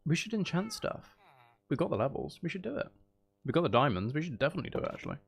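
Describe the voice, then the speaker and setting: A man's voice: a little high, big pitch swings, quick pace, vocal fry. Playful, rambling male streamer. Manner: playful, self-mocking, jokey; chats to viewers in a loose, rambling way. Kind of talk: casual chat while live-streaming a video game.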